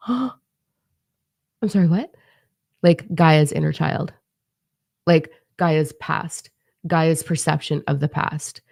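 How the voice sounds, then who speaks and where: A young woman, a spiritual teacher and author, tells stories in a chatty, animated vlog, swearing casually along the way. Her voice is low with lots of vocal fry, and she speaks slowly with frequent pauses. The sound is close and dry with no room echo.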